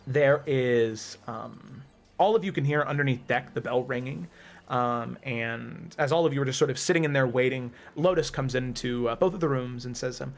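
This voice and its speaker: Guy running a tabletop game, mid pitch, rambly with lots of ums, faint music behind. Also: gravelly. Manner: meandering, many ums and restarts. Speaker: game master.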